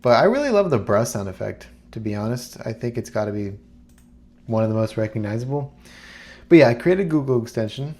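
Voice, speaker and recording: A man talking casually to camera as a YouTuber, rambling and relaxed with plenty of fillers. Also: medium pitch, a little fast, slight background noise. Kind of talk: casual screen-recorded talk.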